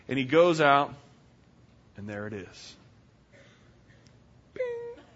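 A man preaching a sermon, telling a folksy story in an animated way and voicing its characters. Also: medium pitch, a little hiss or hum. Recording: dull lo-fi sound.

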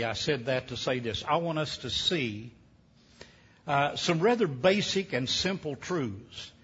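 A man's voice: medium pitch, fairly bright tone, breathy edge. A man preaching a sermon, telling a folksy, humorous story with many hesitations. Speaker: pastor. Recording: dull lo-fi sound.

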